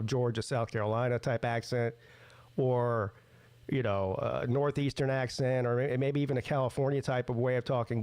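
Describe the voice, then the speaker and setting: A man with an average pitch talks in a dry, close sound. He hosts a podcast and jeers at a clip in blunt, sarcastic asides. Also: darkish tone, dry recording. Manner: mocking, wisecracking, blunt. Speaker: podcast host. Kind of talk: sarcastic commentary over a played clip.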